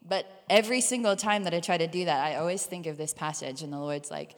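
A woman's voice: fairly low pitch, fast, hardly any pauses. A woman missionary giving a candid, conversational personal testimony during a church service. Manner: candid, conversational, animated retelling with playful asides. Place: church sanctuary. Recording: long church hall reverb.

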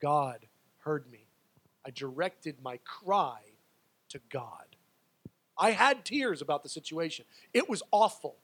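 A man preaching a sermon, moving between loud, pleading passages and quiet, intimate asides. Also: a little high, lively intonation, takes it slowly, husky. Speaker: pastor.

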